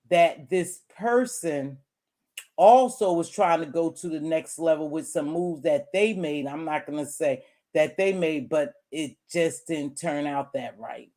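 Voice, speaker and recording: Chatty woman hosting a casual talk show. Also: deep voice. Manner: animated storyteller acting out quotes. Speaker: host. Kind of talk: casual chat.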